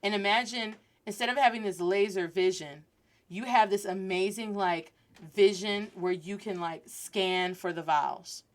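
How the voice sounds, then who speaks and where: A woman in her thirties hosting a casual podcast lesson, chatty and lively, switching into Spanish phrases as she teaches. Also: mid-range voice, unhurried.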